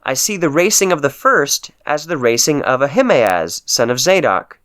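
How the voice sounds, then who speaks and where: A man's voice: on the high side, sing-song, normal speed, a bit bright, clear, resonant tone, pitched above the performer's own voice. A man reading aloud, voicing a male watchman calling out from a wall in an alert way.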